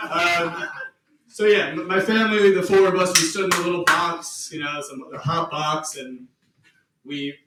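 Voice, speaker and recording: A man doing a crude, self-mocking stand-up set on a comedy club stage. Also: a little high. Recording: echoey club from far off.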